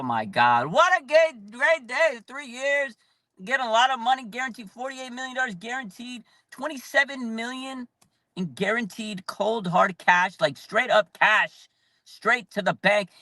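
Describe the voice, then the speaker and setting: A man hosting a live fan channel, talking in excited bursts with frequent shouts and lots of "like". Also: very high-pitched, a little slow, no room sound.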